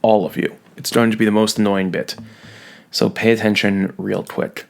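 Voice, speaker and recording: A man's voice: on the low side, level tone, normal speed, creaky. A man teaching a recorded lesson, playful and jokey, leaning hard on key words. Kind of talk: recorded classroom lecture.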